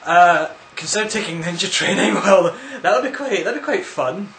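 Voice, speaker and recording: A man's voice: sits high, animated, moderate pace, vocal fry, a bit bright, slight background noise. A man answering viewer questions in a casual, rambling vlog, full of crude, absurd jokes. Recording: echoey room.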